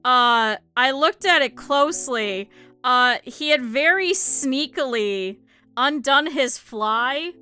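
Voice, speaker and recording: A woman's voice: sits high, slow pace, pushed and bright, smooth. A young adult woman from the American Midwest, streaming and chatting casually while crafting, telling rambling, laugh-filled stories full of swearing and fillers. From Cleveland area, United States. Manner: rambling anecdotal storytelling with lots of swearing and laughter; many fillers and restarts, voices others in her quotes.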